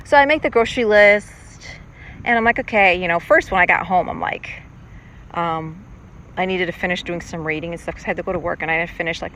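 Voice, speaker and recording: A woman's voice: fairly low pitch, a bit bright, poor audio. A middle-aged woman hosting a podcast, talking in a rambling, chatty and self-reflective way while out on a lake. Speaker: podcast host. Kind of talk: casual monologue. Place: outdoors on a lake, on a paddleboard. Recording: outdoor lake recording with boat noise. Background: boats passing on the water.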